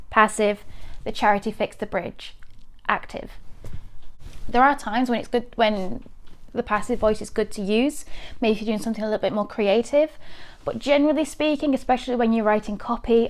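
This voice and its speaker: Woman, YouTube tutor, friendly and clear, leans on examples. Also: mid-range voice. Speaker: host giving writing tips. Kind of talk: casual explanatory tutorial.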